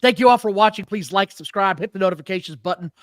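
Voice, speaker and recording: Podcast co-host, male, high bright voice, blunt ranting delivery, dry close sound. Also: fast, dry recording. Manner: blunt, exasperated rants with profanity. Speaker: podcast co-host reviewing wrestling. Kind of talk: casual chat.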